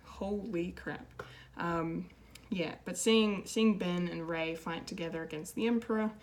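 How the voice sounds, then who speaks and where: A woman with a fairly low voice speaks at a normal speed, delivering an unscripted, emotional film review. She's a pop culture video reviewer who gushes, keeps restarting her sentences, and uses plenty of fillers.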